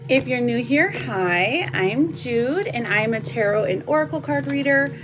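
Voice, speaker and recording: A woman's voice: on the high side, lively intonation, measured pace. A woman in her thirties reading tarot cards on a live stream, chatty and affectionate with her viewers. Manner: chatty, affectionate, laughs often. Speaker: tarot card reader. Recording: noisy home live stream.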